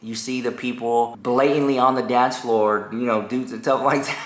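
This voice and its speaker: A young man rambling casually through a vlog about a nightclub incident, animated when retelling. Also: medium pitch, normal speed. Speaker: YouTuber. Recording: echoey room.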